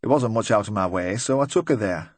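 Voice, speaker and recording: Close, low, and dry, with no room around it, this is a male audiobook reader's everyday-sounding voice for a nervous van driver in middle age. The character rambles, wants badly to please, and cracks weak jokes, sounding both chatty and uneasy.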